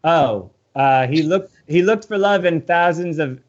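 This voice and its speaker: An American man, a comedian, interviewing a guest in casual chat with dry jokes and quick riffs. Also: a little high. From United States. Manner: dry, joking, quick to riff. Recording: slightly dull, muffled sound.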